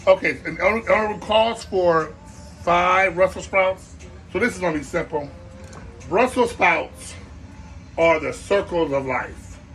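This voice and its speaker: A man's voice: high-pitched, moderate pace, a bit bright, faint music behind. A man hosting a comic cooking show, rambling playfully with asides while he chops vegetables.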